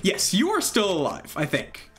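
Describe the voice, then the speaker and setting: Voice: mid-range voice, wildly swooping pitch, moderate pace, a bit bright, soft background music. A streamer doing casual gameplay commentary and talking with viewers, laughing often and trailing off mid-sentence.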